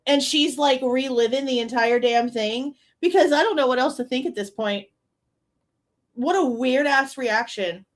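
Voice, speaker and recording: A woman's voice: sits high, normal speed. A woman hosting a live true crime stream, reacting with exasperated, sarcastic commentary, often laughing and swearing.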